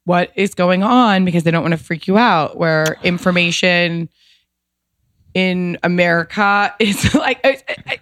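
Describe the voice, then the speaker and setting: A woman's voice: lowish voice, unhurried, fairly bright tone, slight background noise. A woman guest telling a personal story in a casual, emotional way, rambling with lots of fillers and restarts.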